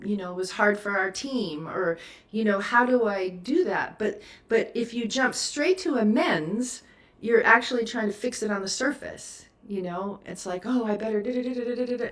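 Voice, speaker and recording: A woman's voice: mid-range voice, recorded from a distance. A woman teacher answering a question at a meditation service, earnest and laughing easily. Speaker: spiritual teacher.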